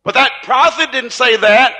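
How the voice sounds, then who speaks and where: A man preaching a sermon, folksy and storytelling, now and then rising to shouts. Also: very high-pitched, a little slow.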